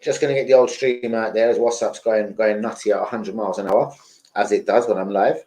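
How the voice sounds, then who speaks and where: A middle-aged man hosting a rambling live stream as a football fan, chatting casually, swearing now and then and giving shout-outs to viewers. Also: fairly low pitch, fairly even intonation, brisk, poor audio.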